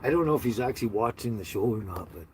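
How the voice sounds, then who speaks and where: A man hosting a casual livestream on his phone, talking slowly to viewers with many fillers and halting restarts. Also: medium pitch, lively intonation, darkish tone, slight background noise. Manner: slow, halting, sympathetic talk with many fillers. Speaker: livestream host. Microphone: handheld phone.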